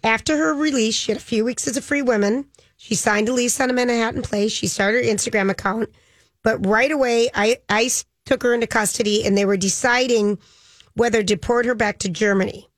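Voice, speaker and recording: A woman's voice: fairly high pitch, steady tone, a little fast, no echo. A woman co-hosting a casual chat, retelling a news story in a loose way with frequent ums and a dismissive "blah, blah.".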